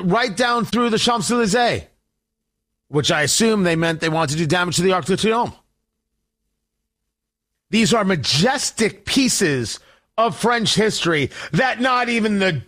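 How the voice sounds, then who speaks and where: A man hosting a talk radio show, delivering opinionated commentary in an emphatic, deliberate way with sarcastic asides. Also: sits high, fairly bright tone.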